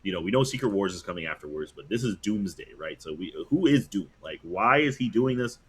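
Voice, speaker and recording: Husky-voiced man chatting casually. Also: low voice, animated, fairly quick, fairly bright tone. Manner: rambling, hesitant, many fillers and restarts. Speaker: podcast co-host. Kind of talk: casual chat.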